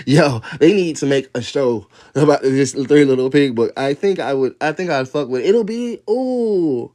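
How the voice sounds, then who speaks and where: A man's voice: a little high, lively intonation, normal speed, hardly any pauses, mellow. A man on a casual phone livestream reading a children's story at home, breaking off into rambling, profane asides and laughter. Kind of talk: casual livestream read-aloud with commentary. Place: at home, moving from outdoors to his room.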